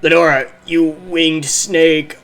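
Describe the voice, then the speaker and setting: A woman voicing a defiant male villain who is dying, speaking slowly and menacingly. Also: low-pitched, steady tone, fairly bright tone, soft background music, full character voice. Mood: vengeful.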